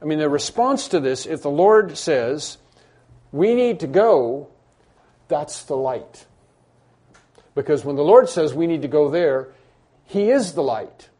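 Male pastor, sermon, mellow tone, slightly high pitch, emphatic and repetitive. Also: lively intonation, measured pace. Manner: emphatic, repeats key phrases, acts out imagined dialogue. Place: church room with congregation.

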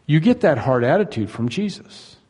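A man's voice: on the high side, big pitch swings, moderate pace, darkish tone, husky. Earnest preaching man in a reverberant hall. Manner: earnest, emphatic preaching with rhetorical questions. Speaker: pastor. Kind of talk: sermon.

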